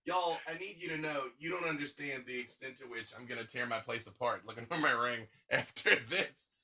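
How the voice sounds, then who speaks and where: A man, a game master being interviewed, chatting casually and telling stories in an animated way, laughing often. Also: medium pitch, fairly quick, a little hiss or hum.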